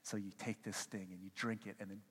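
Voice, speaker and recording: A male pastor preaching a sermon, telling animated stories and acting out quotes as he goes. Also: fairly low pitch, brisk, husky. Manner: animated storytelling with acted-out quotes. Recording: long hall reverb.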